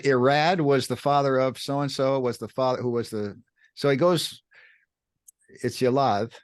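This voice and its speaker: A man co-hosting a podcast, teaching in an animated, emphatic way, repeating words and jumping up in pitch to stress points. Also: dry recording, studio quality. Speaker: podcast co-host teaching scripture. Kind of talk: animated explanatory teaching chat.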